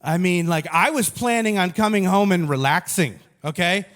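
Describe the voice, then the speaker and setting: Speaking at normal speed, a male pastor whose voice runs fairly high delivers a funny sermon. His storytelling is animated and self-mocking, and he keeps poking fun at himself throughout.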